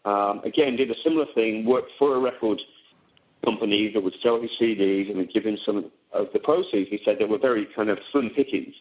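Halting man on a call. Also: on the low side. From Britain. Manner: halting, many ums and restarts. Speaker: teleseminar guest. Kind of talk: conversational phone seminar talk. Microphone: phone call. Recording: dull lo-fi call audio.

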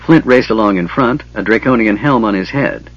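A man narrating an audiobook in a steady, even reading. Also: lowish voice, moderate pace. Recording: dull lo-fi, dry.

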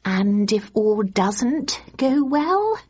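A woman reading as a fretful, affectionate wife, her husky voice lifted high and lilting in a storybook reading. The sound is dull and lo-fi. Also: sing-song, slow pace, no room sound, full character voice. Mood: anxious. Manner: bright, lilting and worried. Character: fond, anxious wife of an inventor, adult woman.

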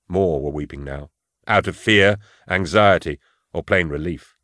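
A man narrates a first-person audiobook in a grave, measured manner. His voice sits on the low side, and he keeps his delivery sombre. The close studio mic gives a dry, roomless sound. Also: fairly bright tone, no room sound.

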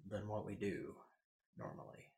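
A man's voice: fairly low pitch, normal speed, heavy background noise. A man hosting a live show, chatting casually with crude jokes and banter. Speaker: podcast host. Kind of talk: casual live-stream chat.

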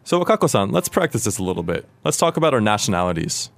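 An American language course host, native in English, teaches Japanese grammar in a patient, clear, explanatory way. He talks fast in a voice on the low side, with big swings in pitch.

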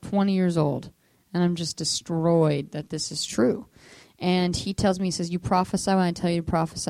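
A woman's voice: fairly low pitch, darkish tone, dry recording. A middle-aged woman minister telling her life story to a group, acting out voices and laughing as she goes. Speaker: minister sharing testimony. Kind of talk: testimony talk to a group.

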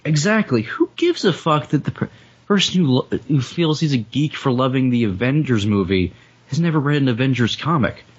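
A man's voice: medium pitch, lively intonation, normal speed, husky. A young man in a casual group chat, ranting heatedly and swearing often. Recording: muffled lo-fi recording.

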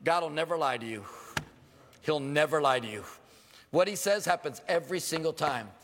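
High, gravelly preacher in an echoing hall. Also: male voice, moderate pace, a little hiss or hum. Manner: animated preaching, acting out quoted voices with sudden jumps in pitch. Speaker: pastor. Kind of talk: sermon. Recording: long reverb of a large hall.

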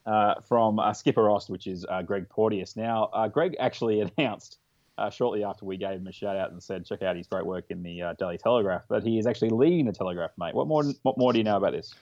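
Fast-talking deep Australian man. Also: darkish tone, no room sound, dull audio. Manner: quick, jokey, chatty. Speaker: podcast host. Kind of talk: casual podcast chat.

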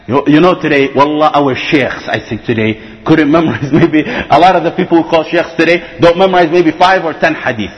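A man giving an animated religious lecture to students, telling stories and acting out what people said. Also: fairly high pitch, normal speed, long reverb tail, highs cut off. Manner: animated, acts out quoted speech, frequent restarts. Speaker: religious teacher.

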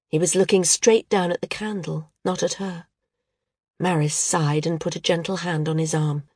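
A woman with a lowish voice reads a novel aloud in calm, measured narration. The recording is dry and close, with no echo. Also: husky. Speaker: audiobook narrator. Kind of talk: scripted narration.

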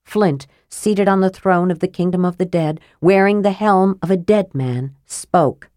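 A woman narrating a fantasy audiobook in a measured, steady reading. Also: fairly low pitch, no room sound, studio quality.

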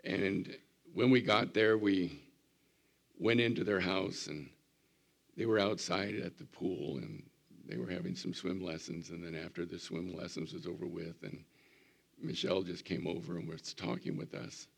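Older pastor in his seventies, hoarse and gravelly, very low, folksy sermon delivery. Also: moderate pace. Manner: folksy storytelling, animated when mimicking. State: hoarse, recovering voice after surgery.

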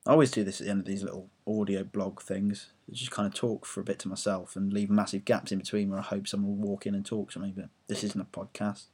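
A man's voice: fairly low pitch, flat delivery, fast talker, hardly any pauses, a little mellow, breathy edge. A young English man ranting about football on his own audio blog, rambling, self-mocking and swearing freely. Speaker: football fan blogger.

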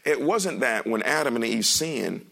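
A male pastor preaching a sermon in a lively, joking way, speaking straight to the congregation. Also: mid-range voice, unhurried, vocal fry. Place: church sanctuary.

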